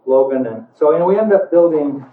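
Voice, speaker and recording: A man's voice: fairly high pitch, animated, fairly quick, slight background noise. Older man telling stories in a hall. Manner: folksy, rambling, with chuckles. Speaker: speaker giving a talk. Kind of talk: storytelling to an audience. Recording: echoey hall, tinny and distant.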